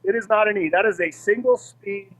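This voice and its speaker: A man's voice: high-pitched, a bit bright, poor audio. A man hosting a casual morning show, giving an upbeat report on roads and weather from around town. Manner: upbeat, hyped, quick asides. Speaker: host, roving reporter.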